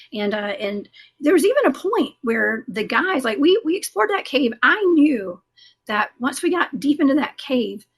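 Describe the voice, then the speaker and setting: A woman's voice: on the high side, breathy edge. A woman guest telling a rambling paranormal story in a casual interview, full of fillers and restarts. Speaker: guest, cryptid investigator.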